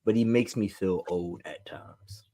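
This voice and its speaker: A man co-hosting a podcast in lively, joking casual chat. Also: deep voice, measured pace, no room sound. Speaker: podcast co-host.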